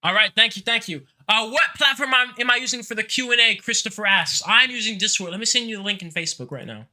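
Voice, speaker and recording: A man's voice: high-pitched, lively intonation, fast talker, bright, forceful tone. A man hosting a live online Q&A in a brash, joking way, swearing casually as he talks. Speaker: host of a live Q&A.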